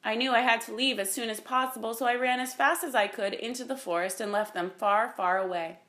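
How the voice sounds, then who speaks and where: Woman, storybook narration, calm, measured. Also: a little high. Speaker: audiobook narrator.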